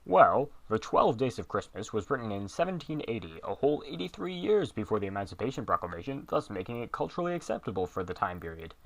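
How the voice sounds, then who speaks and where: Pompous deep-voiced fake statesman, booming and loud , done by a man. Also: sing-song, fast talker, gravelly, hardly any pauses, full character voice. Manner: pompous, declaiming loudly. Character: impostor posing as a famous male US president, pompous.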